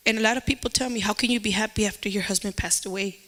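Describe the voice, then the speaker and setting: A woman's voice: medium pitch, fairly even intonation, very fast, a bit bright. Emotional woman giving church testimony. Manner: emotional, repetitive, with Spanish phrases. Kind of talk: personal testimony.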